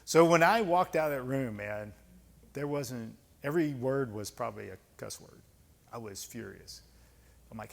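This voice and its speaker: This gravelly, medium-pitched voice belongs to an American man in his fifties, a retired senior Army leader, moving at normal speed. In a club lecture hall with long reverb, he lectures and answers the audience with blunt, emphatic, conversational storytelling and folksy asides.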